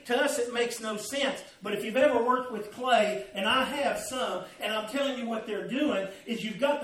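A male pastor giving an animated, storytelling sermon in a church. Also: very high-pitched, roomy sound, distant mic, low-quality recording.

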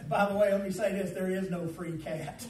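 A man preaching a sermon in a folksy, storytelling way. His voice sits unusually high for a man and rises and drops sharply in loudness. He is recorded from some distance, and the room echoes around him. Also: steady tone, fairly quick. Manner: folksy storytelling, swings between loud and quiet.

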